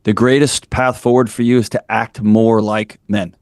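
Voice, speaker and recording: A man in his forties, appearing as a podcast guest, tells stories candidly and bluntly, building his points with preacher-like fervor. His fairly low voice barely moves in pitch, comes at normal speed, and sounds a little mellow in a dry, studio-quality recording.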